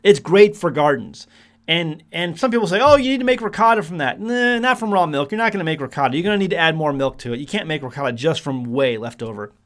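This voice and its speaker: A man with a high, lively voice, chatting casually to the camera as a homesteading vlogger. He rambles along with plenty of restarts and fillers and breaks into chuckles now and then. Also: fast talker. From United States.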